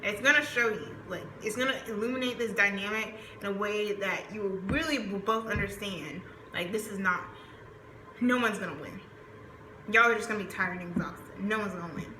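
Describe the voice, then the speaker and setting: A woman's voice: mid-range voice, normal speed, bright, forceful tone. A woman with a Southern US accent giving a chatty, rambling tarot reading, full of fillers. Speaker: tarot reader. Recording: roomy echo, faint background noise.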